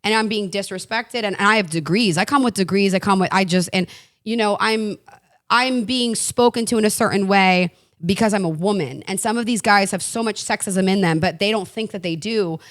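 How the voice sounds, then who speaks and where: A woman talking as a podcast guest in casual chat, blunt and animated, swearing freely and laughing often. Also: mid-range voice, a little fast, no room sound, studio quality. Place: Los Angeles.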